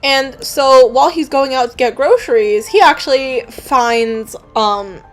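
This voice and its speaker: Woman comic artist, casual story recap while drawing, somewhat high voice, rambling, faint music under her. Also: a little slow. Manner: rambling, full of fillers and casual swearing.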